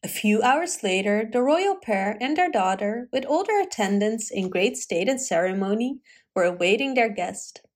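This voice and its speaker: A woman reading a fairy tale aloud in a gentle, expressive storytelling manner. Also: medium pitch.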